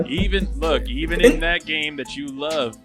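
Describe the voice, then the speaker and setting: A man's voice: a little high, unhurried, over music. A man hosting a sports podcast in upbeat, teasing banter. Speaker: podcast host.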